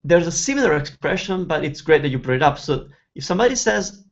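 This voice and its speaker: A man teaching as host of an online webinar, reading out viewer questions and slowly sounding out example words. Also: fairly high pitch, big pitch swings, lo-fi sound. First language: Italian. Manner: reads out viewer questions, then slowly spells out pronunciation. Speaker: Italian teacher. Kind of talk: webinar Q&A lesson.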